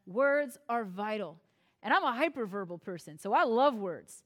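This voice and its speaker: High-voiced woman preaching a lively sermon. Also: normal speed. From United States. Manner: expressive, self-deprecating humor, acts out quoted voices. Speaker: pastor.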